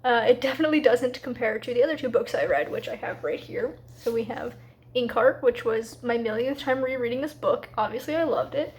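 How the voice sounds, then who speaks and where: Casual woman book vlogger, high voice, chatty and loose, faint room ambience behind. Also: lively intonation, a little mellow, a little hiss or hum. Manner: chatty, frequent fillers like "like"; quick, slightly rushed asides. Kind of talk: casual reading vlog chat.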